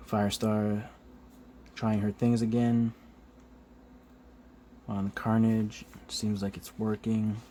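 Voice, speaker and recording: A man casually paging through a comic book on camera, chuckling often, filling pauses with "uh", swearing loosely and acting out the characters' lines. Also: on the low side, slight background noise. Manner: chuckling, loose, acts out quick character quotes; many fillers, relaxed swearing. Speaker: comic book video host. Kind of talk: casual flip-through commentary.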